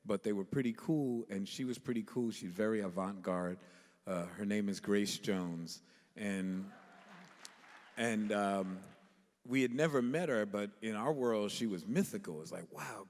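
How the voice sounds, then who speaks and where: A man in his sixties telling an animated story on a panel stage, laughing as he goes, with many restarts. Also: lowish voice. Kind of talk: live storytelling to an audience. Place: large auditorium stage. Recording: reverberant hall, live stage mic.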